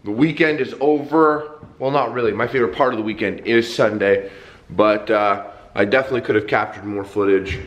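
A man's voice: fairly low pitch, brisk, reverberant, muffled recording. A man vlogging in a loose, joking way, swearing casually as he chats to the camera. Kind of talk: casual vlog chat.

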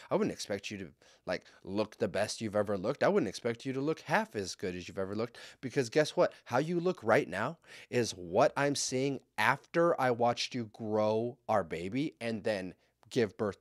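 A young man on a podcast mic, reading listener letters and launching into heated, sarcastic rants packed with swearing. His voice sits fairly low. The sound is dry and close, with no room echo. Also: lively intonation, moderate pace. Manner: profane, heated, sarcastic ranting. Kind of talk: casual podcast rant. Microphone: studio podcast mic.

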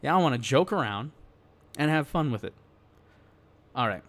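A man's voice: mid-range voice, animated, normal speed, a bit bright. A man ranting in a worked-up, exasperated way in casual, slangy gaming commentary, talking straight to his viewers. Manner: casual slangy address to the audience. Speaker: gaming YouTuber.

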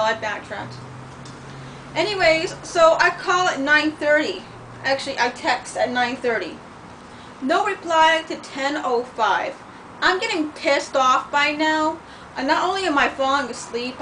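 A middle-aged woman vlogger vents in a rant, telling a heated story bluntly and with profanity while sore and in pain. Her voice is high-pitched, pushed and bright, caught on a distant mic with faint noise.

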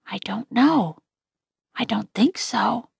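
A woman's voice: a little high, slow pace, gravelly, breathy edge, no echo, clean studio sound, full character voice. A woman voicing a tired, tender mother who soothes her son in a whisper.

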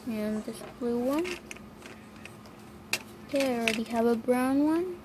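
A woman narrating a toy doll shopping game in a chatty, halting way with plenty of fillers, on a noisy home recording. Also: a little high. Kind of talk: playful toy role-play narration.

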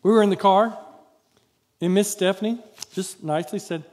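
Chatty high-voiced man preaching. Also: normal speed, a little mellow. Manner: chatty, rambling, with acted-out quotes. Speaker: pastor. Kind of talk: children's sermon. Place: church sanctuary.

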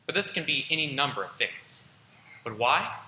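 A man's voice: mid-range voice, very animated, moderate pace, bright, forceful tone, roomy sound, in a large hall, a little hiss or hum, poor audio. A teenage boy giving an earnest, casual school presentation and talking straight to his audience. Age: teens. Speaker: student presenter. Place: school auditorium.

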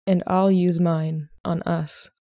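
A woman reading as a plain-spoken young gentleman suitor who talks in a calm, matter-of-fact way. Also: high voice, slow pace, no room sound. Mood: steady.

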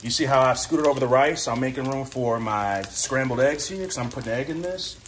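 A man's voice: mid-range voice, fairly quick, fairly bright tone, a little hiss or hum. A man hosting a casual cooking vlog in his home kitchen, joking and talking straight to viewers. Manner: jokey, laid-back, talks straight to viewers. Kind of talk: casual cooking demo chat.

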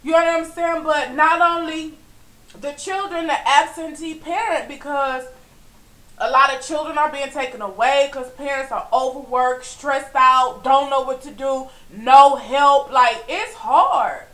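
A woman venting in a personal vlog, frustrated and preachy. She swings from weary low murmurs to loud, emphatic outbursts and keeps asking "you know what I'm saying?". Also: a little slow, reverberant, rough recording. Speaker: vlogger. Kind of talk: impassioned personal vlog monologue.

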